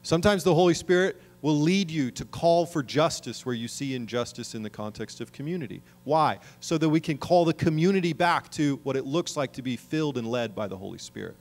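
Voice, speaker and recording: A man's voice: fairly high pitch, expressive, fairly quick, hardly any pauses, a little mellow. A middle-aged man preaching a sermon as pastor, earnest, with emphatic rising calls.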